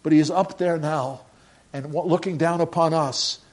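A man's voice: on the high side, steady tone, normal speed. An older man, a pastor, preaching a sermon in a conversational way that rises into emphatic bursts.

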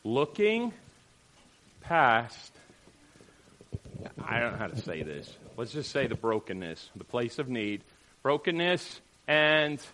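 Animated man preaching a sermon. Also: mid-range voice, slow pace, long pauses. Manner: animated, rhetorical questions, frequent "right?". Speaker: pastor.

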